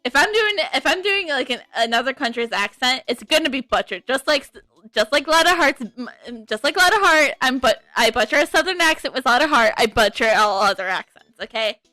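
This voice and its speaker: A woman's voice: high-pitched, lively intonation, fairly quick, pushed and bright, no echo, studio quality. A woman streamer giving casual game commentary, rambling and stumbling over her words with a self-deprecating manner. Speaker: let's play streamer.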